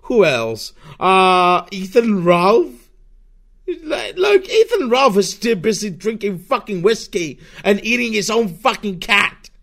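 Profane, slow-talking man ranting solo. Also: high voice, sing-song, vocal fry, fairly bright tone. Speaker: podcast host. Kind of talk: solo rant podcast.

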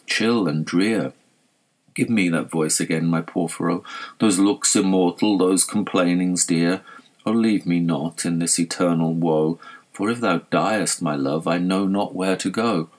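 A man's voice: low voice, unhurried. A man reading as a grieving young woman. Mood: pleading. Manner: pleading, lamenting verse. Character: young woman waking in grief and longing.

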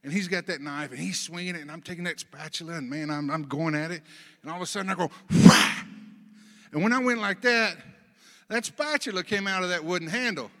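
A man's voice: sits high, fast talker. Folksy preacher man in a reverberant hall. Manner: storytelling, folksy, swings between soft asides and loud emphasis. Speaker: pastor. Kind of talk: sermon.

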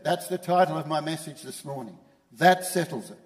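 A man's voice: fairly high pitch, normal speed, a little mellow, big-room sound. A man preaching a sermon as pastor, emphatic and repeating his key phrases. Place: church.

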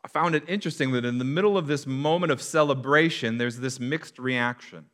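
A man preaching a sermon as a pastor, telling stories in an animated way and acting out the voices of a crowd. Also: medium pitch, a little fast.

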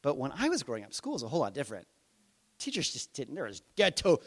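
A man's voice: medium pitch, wildly swooping pitch, fast, a bit bright. A middle-aged man preaching a conversational sermon, asking his listeners rhetorical questions. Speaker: pastor.

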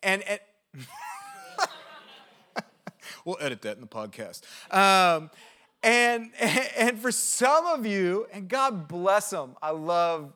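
Bright, energetic male preacher. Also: sits high. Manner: conversational, checks in with "okay?" and "right?"; energetic and animated, with quick asides. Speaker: pastor. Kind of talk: sermon.

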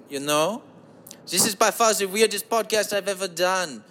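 A man's voice: sits high, normal speed, a bit bright. A man hosting a comedy podcast in a put-on sleazy crooning voice he calls an evil German accountant, stretching words and calling listeners baby. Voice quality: mock German accent. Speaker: podcast host. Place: home basement.

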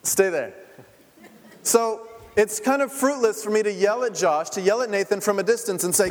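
A man in his thirties leads a sermon with an easy, conversational manner, often checking in with the congregation and laughing along. His voice sits high, and it carries into a long, ringing hall reverb. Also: moderate pace. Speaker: pastor. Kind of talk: interactive sermon. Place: church sanctuary.

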